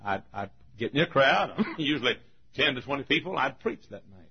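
Southern-accented older male preacher, folksy sermon storytelling, gravelly raspy voice, dull lo-fi recording. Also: mid-range voice, fairly quick. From Southern United States. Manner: folksy, animated, hollers and laughs.

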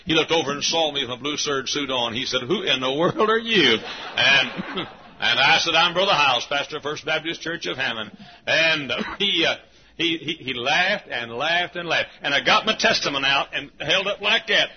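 Folksy older preacher, husky voice. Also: male voice, on the high side, moderate pace, muffled recording. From Texas. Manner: folksy, chuckling anecdotes, animated quoted voices. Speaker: pastor. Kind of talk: sermon storytelling.

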